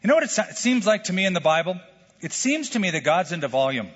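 A man's voice: high voice, quick pace, slightly rough. Middle-aged pastor guy preaching, chatty, lots of questions, dull lo-fi sound w/ long hall echo. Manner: animated, conversational preaching with rhetorical questions. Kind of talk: sermon. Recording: lo-fi sermon recording with long hall reverb.

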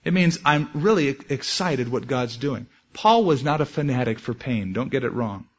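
A man's voice: mid-range voice, lively intonation, moderate pace, husky. A man preaching a sermon in an earnest way, telling a personal story and quoting scripture and prayers. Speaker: pastor. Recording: dull lo-fi sermon recording.

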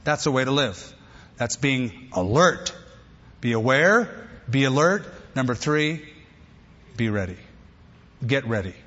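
A man's voice: mid-range voice, lively intonation, slow, long pauses, a bit bright. A man preaching a sermon as pastor, with punchy repeated phrases and emphatic delivery, ending in a prayer. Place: church sanctuary. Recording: dull sound, long hall reverb.

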